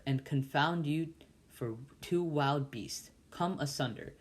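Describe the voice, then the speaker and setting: A man voicing a gruff army sergeant who gives curt orders. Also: fairly high pitch, slow pace. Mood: commanding. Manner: curt, commanding.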